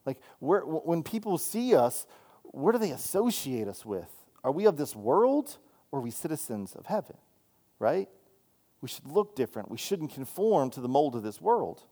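Youth pastor guy giving a sermon, kinda high voice, super casual, lots of "right?". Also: sing-song, moderate pace, mellow. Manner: conversational, repeats "right?" and restarts often. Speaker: student minister.

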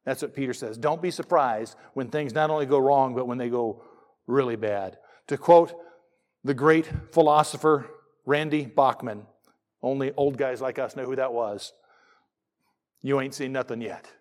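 A middle-aged pastor with a medium-pitched voice and moderate pace preaches a church sermon. He is animated and jokey, weaving humor between the scripture passages he reads aloud.

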